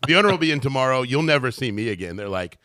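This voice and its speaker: A man co-hosting a podcast, joking with playful, quick banter. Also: mid-range voice, animated, pushed and bright, no room sound, studio quality. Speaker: podcast co-host. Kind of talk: casual chat, joking.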